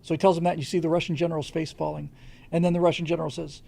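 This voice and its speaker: Gravelly guy w a mellow darker tone, chatting loosely on his stream, lots of restarts. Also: a little high, flat delivery, racing. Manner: rambling, with frequent restarts and hesitations. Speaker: livestream host answering viewer questions. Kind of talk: casual unscripted commentary.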